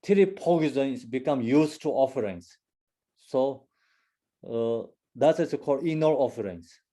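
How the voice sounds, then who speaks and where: A man giving a Buddhist teaching in halting, broken English, full of fillers and restarts. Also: medium pitch, expressive, warm tone. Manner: second-language English with broken grammar. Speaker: dharma teacher.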